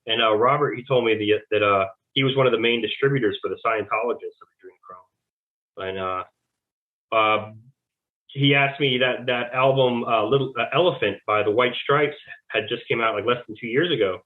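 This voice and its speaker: A man's voice: mid-range voice, normal speed. A man giving rambling casual testimony as an interview guest, acting out quoted back-and-forth conversations. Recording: tinny phone-like line.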